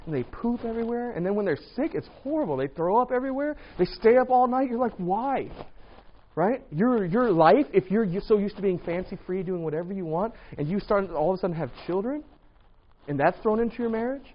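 A man preaching a casual, lively sermon to a congregation, often asking "right?" and acting out what people say. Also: high voice. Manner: lively, rhetorical, acts out quoted voices. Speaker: pastor. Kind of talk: sermon on dating and marriage. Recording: dull lo-fi recording.

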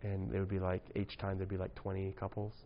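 A man's voice: low-pitched, completely flat delivery, a little fast, lo-fi sound, slight background noise. A man preaching to young people in a casual, joking way, often tossing in "right?" asides. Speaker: youth pastor.

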